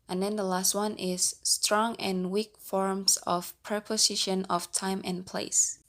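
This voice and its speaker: Slow, careful young woman presenting. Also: medium pitch. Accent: Indonesian. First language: Indonesian. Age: young adult. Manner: careful, repeats each example twice. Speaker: student presenting a pronunciation test. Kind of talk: slow recited class presentation.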